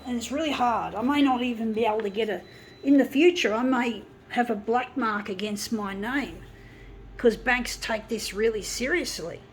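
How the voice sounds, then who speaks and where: A woman's voice: fairly high pitch, moderate pace, a little hiss or hum, poor audio. A woman vlogger in a repetitive, swearing rant about money stress, talking straight at her viewers. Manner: swearing, repetitive, escalating into shouted outbursts. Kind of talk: angry personal rant to camera.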